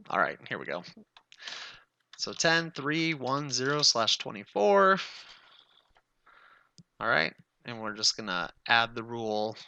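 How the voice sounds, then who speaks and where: A man's voice: medium pitch, vocal fry, pushed and bright. A man giving a casual screen-recorded networking tutorial, chatty and thinking aloud as he addresses the viewers as guys.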